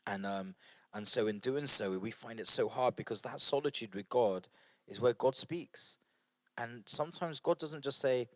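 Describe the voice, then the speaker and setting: A man's voice: mid-range voice, moderate pace, fairly bright tone, no echo. Earnest man leading a devotional talk. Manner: earnest and conversational, with fillers and repeated phrases. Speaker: church leader guiding a book study group. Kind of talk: informal devotional talk to an online group.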